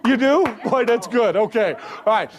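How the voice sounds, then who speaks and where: A man's voice: very high voice, lively intonation, normal speed, muffled recording. A man performing as a stage magician, teasing a volunteer with joking banter before a live audience. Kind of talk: live comedy magic show. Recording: live stage with loud crowd noise.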